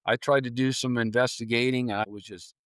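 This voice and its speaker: A paranormal investigator appears as a podcast guest, casually telling ghost-hunting stories and acting out his own reactions along the way. His voice is medium-pitched, brisk, clear and resonant, recorded with studio quality and no room sound.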